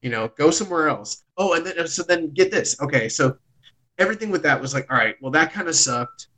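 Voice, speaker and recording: A man's voice: on the high side, animated, a little fast, pushed and bright, poor audio. A man, hosting a podcast and casually telling a long, rambling story with plenty of swearing. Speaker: podcast host.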